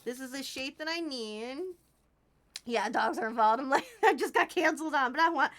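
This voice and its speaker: High-voiced bubbly woman streamer. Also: lively intonation, moderate pace. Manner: chatty, bubbly, warmly thanks viewers. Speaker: Twitch streamer. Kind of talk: casual live-stream chat while crafting. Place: home.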